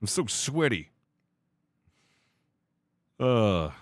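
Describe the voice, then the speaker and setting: A man streaming a game live, talking to his crew and chat, swearing freely and quick to vent his frustration. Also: medium pitch, very animated, no echo, studio quality. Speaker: livestreamer. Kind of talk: live gaming commentary.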